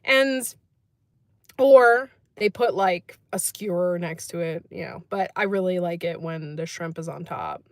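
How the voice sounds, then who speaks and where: A woman's voice: on the low side, measured pace, no echo, clean studio sound. A woman hosting a casual livestream, chatting, laughing often and reading out comments from the chat. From United States. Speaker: livestream host.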